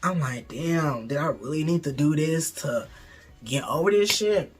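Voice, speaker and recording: A man's voice: fairly high pitch, animated, normal speed, breathy edge, faint music behind. A young man tells a candid, profane, rambling storytime in casual chat. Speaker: vlogger.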